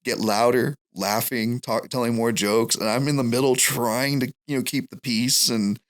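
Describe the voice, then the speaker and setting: A man's voice: mid-range voice, steady tone, normal speed. A man on a podcast, telling long rambling stories in a casual chat and laughing through them. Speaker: podcast guest.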